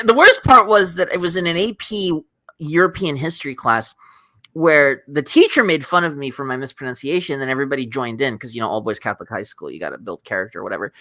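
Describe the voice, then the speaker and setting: A man from New Jersey, a guest in a casual conversation, talking in an animated, expressive way with quick asides and exclamations. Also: fairly high pitch, dry recording.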